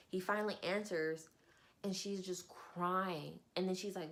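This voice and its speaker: A woman's voice: lowish voice, fairly even intonation, measured pace. A woman casually recapping a novel as a book reviewer, acting out the characters as she goes.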